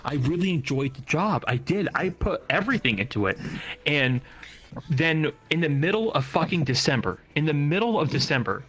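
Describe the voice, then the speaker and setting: A man's voice: fairly high pitch, very animated, moderate pace, fairly bright tone. A young man rambling through a personal story in casual chat, repeating himself and swearing freely. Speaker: storyteller recounting job loss.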